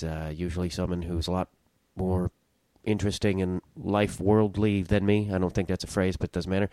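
Telling a story on the podcast he hosts, a young man rambles, breaks into his own sentences, and swears without much thought. The recording is dry, and his voice is lowish with a darkish tone.

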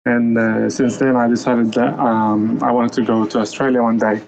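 A man in his thirties from Lebanon calls in to a podcast over a muffled phone line. He tells his story in a relaxed way, with frequent "um"s and pauses. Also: medium pitch, creaky. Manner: relaxed storytelling, with soft laughs and hesitations. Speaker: caller. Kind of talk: casual phone-in chat.

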